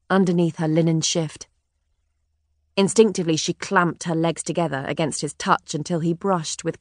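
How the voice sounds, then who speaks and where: A woman narrating a historical novel in a measured, even way. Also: fairly low pitch, no room sound, studio quality. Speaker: audiobook narrator. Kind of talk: scripted narration.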